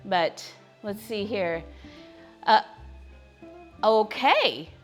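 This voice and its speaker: A woman's voice: mid-range voice, lively intonation, extremely slow, faint music behind. A woman hosting a live cooking demonstration from her kitchen, chatting with her viewers as she cooks. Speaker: cooking show host. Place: home kitchen.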